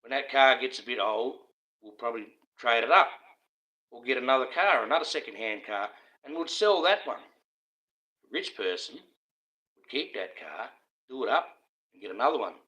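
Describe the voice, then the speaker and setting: Sharp-voiced, profane Australian man ranting. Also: mid-range voice, expressive, moderate pace, long pauses, poor audio. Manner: profane, conspiratorial, laughs often. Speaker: live streamer. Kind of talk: casual ranting monologue.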